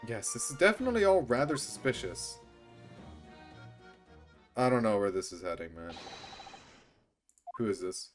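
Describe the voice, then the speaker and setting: A man reacting and commenting as a streamer playing a story game, excited and swearing. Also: mid-range voice, normal speed, pauses often, faint music behind. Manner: animated, reacts loudly and swears. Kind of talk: let's-play commentary.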